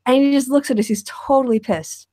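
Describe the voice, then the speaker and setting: An American woman hosting a casual video call chat, bubbly and quick to laugh as she tells stories. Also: high voice, dark tone, no room sound, clean studio sound. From United States. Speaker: host.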